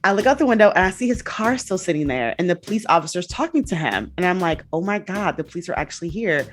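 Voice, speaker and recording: A young adult woman telling a personal story in a casual, animated way, acting out the quotes. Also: fairly low pitch, quick pace, soft background music. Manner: animated, acts out quotes with laughs and swearing. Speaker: guest.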